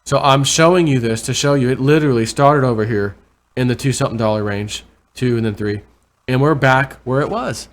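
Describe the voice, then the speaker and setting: A man vlogging casual commentary over price charts, rambling and correcting himself, with excited bursts over numbers. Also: mid-range voice, brisk. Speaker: crypto vlogger.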